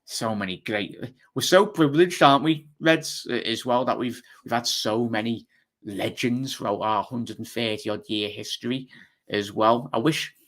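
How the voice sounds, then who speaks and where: Chatty Liverpool-accented football host. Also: male voice, mid-range voice, fairly bright tone. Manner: chatty, fast, rambling with many fillers. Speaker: fan channel host. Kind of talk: live football chat reading viewer comments.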